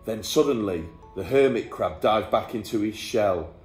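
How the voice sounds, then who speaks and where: A man's voice: lowish voice, animated, normal speed, faint music behind. A man, a teacher, reading a rhyming bedtime story aloud in a playful storytelling manner. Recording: echoey room.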